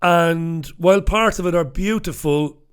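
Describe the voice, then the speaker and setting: A middle-aged man chats his way through a live stream in his home studio, rambling and poking fun at himself. His voice sits a little high for a man. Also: unhurried, clean tone. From Ireland. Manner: chatty, self-mocking, rambling. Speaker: host. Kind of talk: casual live-stream chat.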